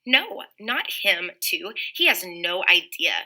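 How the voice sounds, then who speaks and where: A woman's voice: lowish voice, big pitch swings, takes it slowly, pushed and bright, poor audio. A woman reading a first-person audiobook in an earnest manner, with small slips and restarts. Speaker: audiobook reader.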